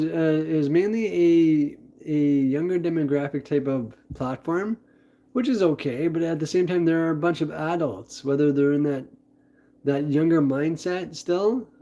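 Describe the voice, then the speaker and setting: A man's voice: on the high side, a little slow, mellow. Rambling upbeat man streaming live. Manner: rambling, upbeat, heavy on fillers. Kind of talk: casual live-stream chat.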